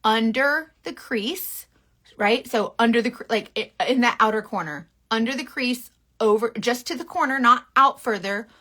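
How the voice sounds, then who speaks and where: Bright, frank woman teaching makeup. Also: a little high. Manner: chatty, frank and bossy, quick asides and mock baby voice. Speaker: makeup influencer. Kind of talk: casual makeup tutorial to camera.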